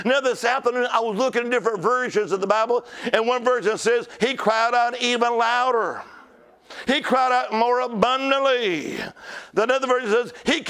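High-voiced fervent man preaching. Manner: call-and-response with the congregation; shouts and drawn-out cries. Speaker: traveling preacher. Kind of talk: fervent revival sermon.

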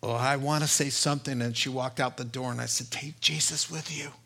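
Gravelly-voiced pastor preaching a sermon. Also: male voice, fairly even intonation, fairly quick, sharp tone. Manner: earnest, storytelling, rises in pitch when retelling dialogue.

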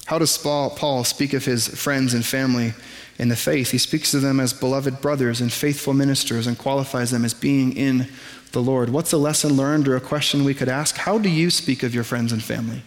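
A man preaching a sermon in a conversational, self-deprecating way, with quick asides to the congregation. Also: medium pitch, fairly even intonation, big-room sound. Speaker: pastor. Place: church sanctuary.

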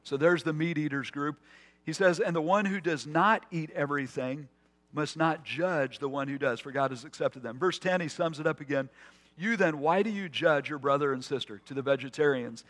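Conversational pastor in a reverberant hall. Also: male voice, fairly high pitch, normal speed, a bit bright. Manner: conversational, with asides and restarts. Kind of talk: sermon.

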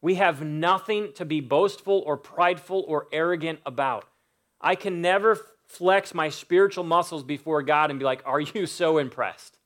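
A man's voice: fairly high pitch, moderate pace, fairly bright tone. A man preaching a sermon, building emphatic lists and stressing key words. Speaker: pastor.

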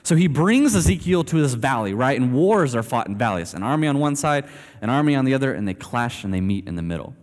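A man preaching a sermon in a conversational, animated storytelling way, speaking to a church gathering. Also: mid-range voice, quick pace. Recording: long hall reverb.

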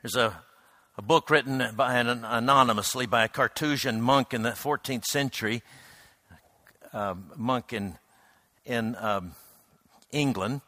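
A man preaching a reflective sermon, unhurried, with frequent hesitant restarts. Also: mid-range voice, pushed and bright, no room sound, clean studio sound.

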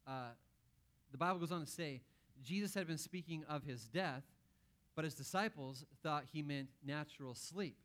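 A man with a slightly higher-pitched voice preaching a sermon to his congregation. He talks in a relaxed, conversational way and drops in playful asides. He acts out the quotes as he goes. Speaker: pastor.

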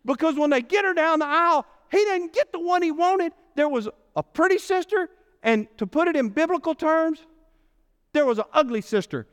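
A man preaching a sermon as pastor, telling a Bible story with playful asides and lively delivery. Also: very high-pitched, moderate pace. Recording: long hall reverb.

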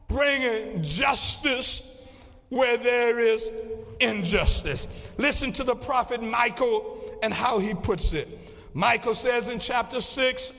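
A man preaching a sermon as pastor, with a rhythmic delivery that swings from quiet passages to shouts. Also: very high-pitched, vocal fry. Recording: long reverb of a large hall.

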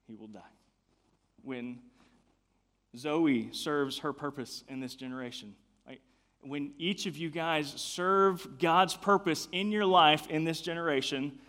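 A man's voice: fairly high pitch, a bit bright. A young adult man giving a casual youth sermon in a chatty way. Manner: casual, chatty, many fillers. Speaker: youth pastor.

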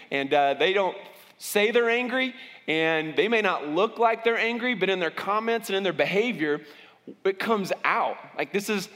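A man's voice: high voice, a bit bright, big-room sound. A man preaching as a pastor, talking conversationally and often restarting his sentences. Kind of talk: sermon.

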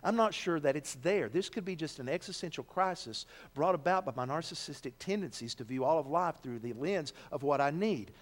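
A preacher voicing a doubting philosopher in a parable, musing in a hesitant, overthinking way. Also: male voice, on the high side, lively intonation, brisk, few pauses, pitched below the performer's own voice, lightly acted. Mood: doubtful. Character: fussy, doubting male philosopher.

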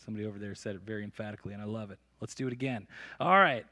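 A man preaching a sermon at a church service, reading scripture with dramatic emphasis and breaking into lively, joking asides. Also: medium pitch, fairly quick. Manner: animated storytelling with asides and jokes. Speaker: pastor.

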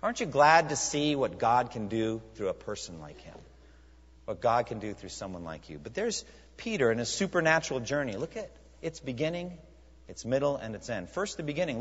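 A man preaching a sermon as pastor, emphatic, with rhetorical questions and dramatic pauses. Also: mid-range voice, sing-song, breathy edge. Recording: muffled recording in a reverberant hall.

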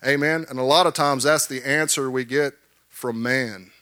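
A man preaching a sermon, animated, repeating words and calling for amens from the congregation. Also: mid-range voice, normal speed, no echo, clean studio sound.

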